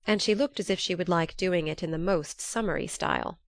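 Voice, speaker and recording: A woman narrates a classic novel in a measured, steady way. Her voice is on the low side for a woman. The recording is dry and close, with no room sound. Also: no room sound. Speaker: audiobook narrator. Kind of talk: scripted narration.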